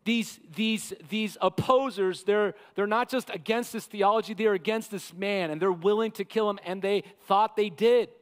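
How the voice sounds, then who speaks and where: A man preaching a sermon as pastor, impassioned, sometimes acting out quotes with rising shouts. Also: high voice, normal speed, few pauses. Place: church sanctuary. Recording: long church hall reverb.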